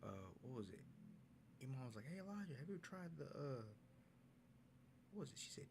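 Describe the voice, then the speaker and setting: A man's voice: medium pitch, big pitch swings, fairly quick, pauses often, noisy background. A young man casually telling a story in a vlog recap, in a laid-back, slangy way, acting out what people said. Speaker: vlogger.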